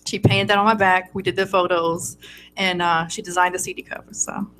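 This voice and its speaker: A woman with a raspy voice, a singer-songwriter chatting easygoing as a guest in a radio studio. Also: flat delivery, a little fast, a bit bright, soft background music. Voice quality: raspy low voice. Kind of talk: casual radio interview chat.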